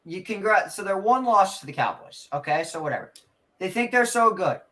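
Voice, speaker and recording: A man's voice: high-pitched, lively intonation, brisk, bright, forceful tone. A man hosting a casual sports podcast, ranting through sarcastic trash talk about a rival team. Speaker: podcast host.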